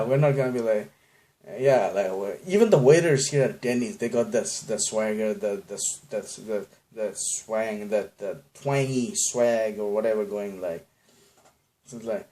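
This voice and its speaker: With a mid-range, slightly mellow voice and an unhurried pace, a man from Bangladesh runs a casual solo podcast. His talk drifts through tangents, he makes fun of himself, and he laughs often at his own jokes.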